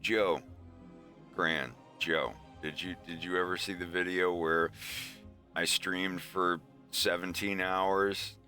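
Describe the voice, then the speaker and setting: A man's voice: deep voice, steady tone, slow pace, pushed and bright, faint music behind. A man streaming casually, talking in a rambling, profane way. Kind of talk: casual chat.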